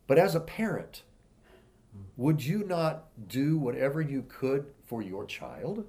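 A man delivers a sermon with a middle-pitched voice. He reads scripture aloud slowly and with weight, then eases into plain, conversational explanation. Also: lively intonation, vocal fry, mellow, husky. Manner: emphatic scripture reading, slowing for key words. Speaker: preacher.

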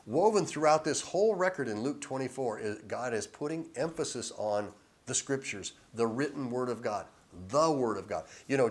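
A man giving informal Bible teaching, reading scripture slowly with emphasis, then chatting and chuckling between verses. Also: medium pitch.

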